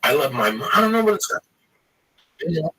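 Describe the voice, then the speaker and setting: A man in loud, rambling, profane casual chat. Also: a little high, big pitch swings, brisk, husky, poor audio.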